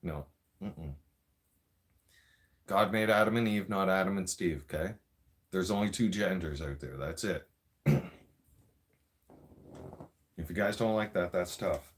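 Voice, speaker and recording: A man's voice: low voice, measured pace, long pauses. A man in a profane, mocking political rant, cursing and repeating himself. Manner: vaping while talking. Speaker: vlogger.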